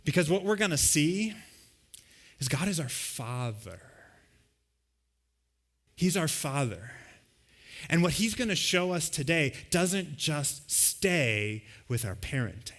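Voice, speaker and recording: A man's voice: on the high side, big pitch swings, slow pace, long pauses, fairly bright tone. A man preaching a sermon as pastor to a live congregation, talking in a loose conversational way and acting out everyday scenes. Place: church service with a live congregation.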